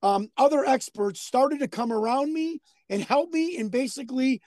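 A man being interviewed as a podcast guest, chatting and telling a story in an emphatic, excitable way with lots of repetition. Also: very high-pitched, normal speed, no room sound. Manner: emphatic, excitable, repeats himself. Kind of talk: casual chat and storytelling.

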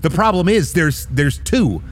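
A man's voice: a little high, expressive, measured pace, voice pushed up. A man voicing a weary childlike arbiter in a tabletop game, hesitant, stammering and fed up with its task. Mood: urgent. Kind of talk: tabletop role-play voicing.

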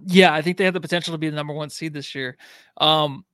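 A man's voice: fairly high pitch, fairly even intonation, fast, pushed and bright, clean tone, no echo. Easygoing man chatting sports. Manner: easygoing, laughs often. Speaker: podcast co-host. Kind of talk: casual sports talk.

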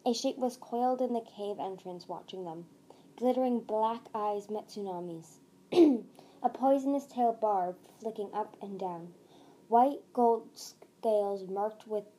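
A woman's voice: mid-range voice, dark tone, rough recording. A woman hosting a podcast, reading a fantasy novel aloud steadily with small slips and restarts. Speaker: podcast reader.

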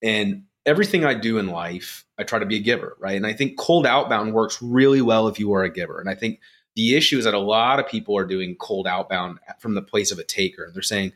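A man guesting on a podcast, talking through ideas in an easygoing conversation. His voice sits somewhat low for a man, and he turns quieter and more measured when he reflects, tagging points with a quick "right?". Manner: reflective, drops quieter when musing, frequent "right?" tags. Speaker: podcast guest, company co-founder.

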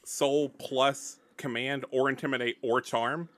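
A man playing a tabletop game who jumps in with quick, joking remarks. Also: medium pitch, fairly even intonation, fairly bright tone, no room sound. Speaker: player.

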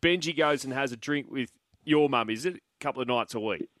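A man's voice: mid-range voice, brisk, fairly bright tone, no room sound, clean studio sound. An Australian man hosting sports radio, taking calls in an easygoing, casual way. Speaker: radio host. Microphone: studio mic.

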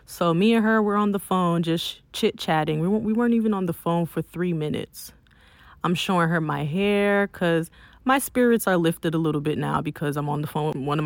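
A young woman from Miami telling a personal story in a casual, emphatic, animated way, often saying "like.". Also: on the low side, dry recording. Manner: emphatic, animated retelling with frequent "like".

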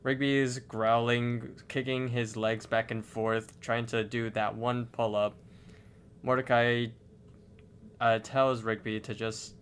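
A man describes cartoon scenes in a relaxed home podcast, pausing and restarting as he hunts for words. A faint background hiss sits under his voice. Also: medium pitch. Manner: hesitant, stumbles over words. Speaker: podcast co-host. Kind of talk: casual chat narrating cartoon scenes.

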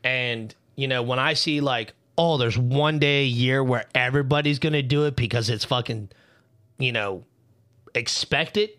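A man's voice: mid-range voice, moderate pace, a bit bright. A man co-hosting a casual podcast, telling a story in a heated, profane rant while worked up and hot under the collar. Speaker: podcast co-host.

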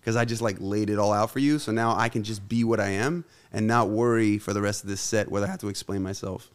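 A man's voice: fairly low pitch, steady tone, fast talker, smooth. A man reciting an earnest spoken-word poem and then talking openly and heartfelt in a casual podcast chat. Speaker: guest musician.

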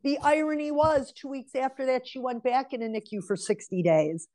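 A woman's voice: high voice, lively intonation, normal speed, warm tone. A woman in her forties, a guest on an interview, telling a personal story and giving earnest advice straight to women listeners. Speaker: interview guest, relationship mentor. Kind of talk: casual conversational storytelling.

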